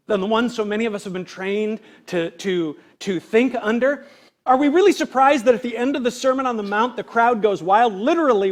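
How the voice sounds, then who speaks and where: A male pastor with a voice that sits high preaches an earnest, conversational sermon full of rhetorical questions. He acts out quoted voices, swinging widely in loudness.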